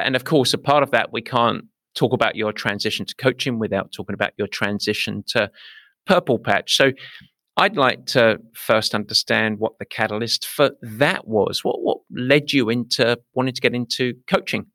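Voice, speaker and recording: A man's voice: mid-range voice, normal speed, sharp tone, no room sound, clean studio sound. A man with an English accent hosting a podcast, chatting casually and often repeating words as he thinks. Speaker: podcast host. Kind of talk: casual conversational interview.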